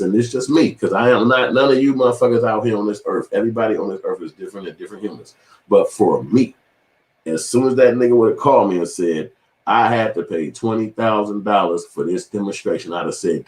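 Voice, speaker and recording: A man hosting his own channel, talking in a profane, animated commentary monologue and slipping into quoted voices as he tells stories. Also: on the low side, reverberant, rough recording. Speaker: channel host.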